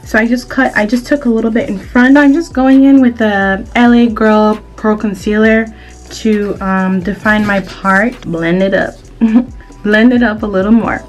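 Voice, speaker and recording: A woman giving a relaxed, chatty hair tutorial as a vlogger, with frequent filler sounds. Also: medium pitch, measured pace, soft background music. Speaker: beauty vlogger. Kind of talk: casual tutorial narration.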